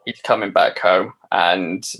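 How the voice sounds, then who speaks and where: A man co-hosting a football podcast, speaking in a flat monotone. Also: low voice, slow. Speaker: podcast co-host. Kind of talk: casual football podcast chat.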